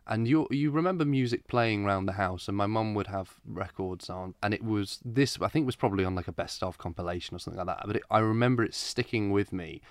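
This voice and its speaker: Middle-aged British male guest, low voice, relaxed chatty delivery, close dry studio mic. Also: quick pace, hardly any pauses, dry recording. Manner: chatty, laughs often, restarts. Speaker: guest, theatre director. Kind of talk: casual radio interview.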